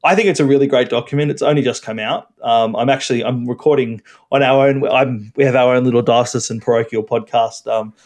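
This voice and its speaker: A man's voice: medium pitch, steady tone, a little fast, hardly any pauses, a little mellow. A male priest in casual podcast conversation, hesitant, with many fillers and restarts. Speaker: Catholic priest, podcast guest.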